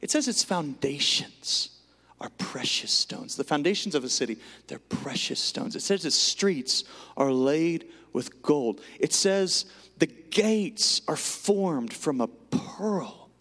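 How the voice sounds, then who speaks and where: A man preaching a sermon earnestly, rising to emphatic lines and dropping to hushed whispers. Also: on the high side, expressive, slow pace. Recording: long hall reverb.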